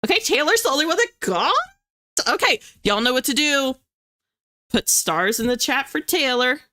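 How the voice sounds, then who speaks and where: A woman's voice: sits high, very animated, normal speed, sharp tone. A young woman hosting a writing livestream, chatting in a bubbly way and reading viewers' messages aloud. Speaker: livestream host of writing sprints. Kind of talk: casual chat to live viewers.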